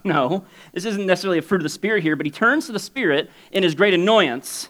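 A male pastor preaching a sermon in a casual, conversational way. He swings between loud, high exclamations and quiet, low asides, and often chuckles between points. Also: lively intonation, brisk, few pauses.

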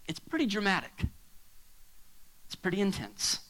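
A male pastor preaching a sermon to a congregation, swinging between hushed asides and near shouts. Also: sits high, huge pitch swings, normal speed, poor audio. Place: church hall with a congregation.

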